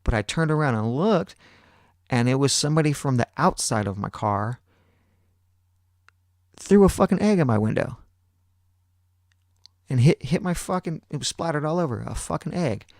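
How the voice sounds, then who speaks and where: A man's voice: medium pitch, moderate pace, long pauses, no room sound, studio quality. Profane storytelling podcast man. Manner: profane, animated, acts out other people's lines. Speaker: podcast host. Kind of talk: casual storytelling.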